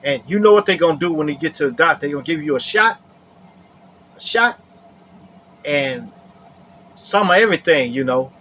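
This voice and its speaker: A man voicing a stern mother who quickly scolds her young son. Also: fairly high pitch, lively intonation, fairly bright tone, slight background noise. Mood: scolding. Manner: brisk, rapid scolding.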